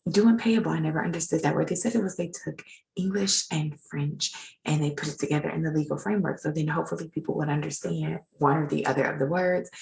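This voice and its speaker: Gravelly low-voiced woman instructor. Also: darkish tone, rough recording. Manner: chatty, self-deprecating asides while editing slides. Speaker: legal writing instructor. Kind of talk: informal recorded lecture.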